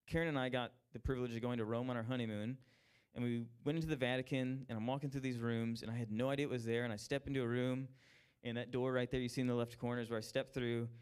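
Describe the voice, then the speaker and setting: A young man preaching a casual, animated evening sermon, with jokey asides and quick conversational talk. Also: mid-range voice, clean tone.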